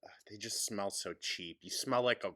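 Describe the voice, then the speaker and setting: A man's voice: lowish voice, moderate pace, bright, forceful tone. A man hosting a mocking reaction commentary, sarcastic and snarky, often breaking into laughter. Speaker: commentary host.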